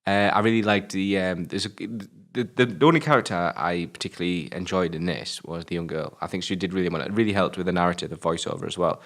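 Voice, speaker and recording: British guy on a film podcast, really deep voice, swears a lot, gets ranty. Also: fairly quick, fairly bright tone. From Britain. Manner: sweary, ranting, exasperated. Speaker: film review podcast co-host. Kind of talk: casual film review chat.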